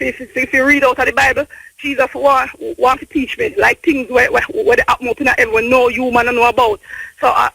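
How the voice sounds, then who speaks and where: A woman with a Jamaican accent calling into a radio show, talking haltingly and repeating her words as she rambles. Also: sits high, vocal fry, sharp tone, slightly rough, no room sound. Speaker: caller. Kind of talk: phone-in call. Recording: tinny phone line.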